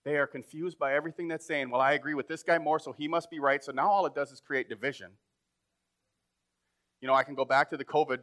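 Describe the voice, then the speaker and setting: A pastor preaching a sermon in a conversational way, building up to emphatic points. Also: male voice, on the high side, steady tone, fast talker, a bit bright.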